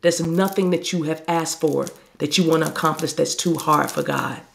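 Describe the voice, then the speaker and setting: A woman spiritual reader giving a talk and guided meditation, speaking slowly and soothingly in drawn-out phrases. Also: low voice, steady tone, gravelly, slight background noise.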